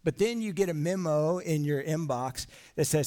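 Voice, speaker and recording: Animated casual preaching man. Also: on the high side, moderate pace, few pauses. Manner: casual, animated preaching with slang and rhetorical questions. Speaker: pastor. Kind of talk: sermon. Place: church sanctuary.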